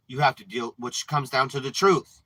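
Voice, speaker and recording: A man hosting a livestream, ranting and preaching with frequent swearing, dropping from low mutters to loud outbursts. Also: normal speed, dry recording, rough recording. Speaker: livestream host.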